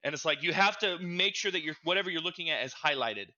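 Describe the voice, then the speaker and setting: A young man co-hosting a casual gaming podcast, telling stories in an animated, stammering way and getting loud when excited. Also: fast, dull audio. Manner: animated storytelling, gets loud and high when reliving frustration. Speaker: podcast co-host. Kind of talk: casual chat.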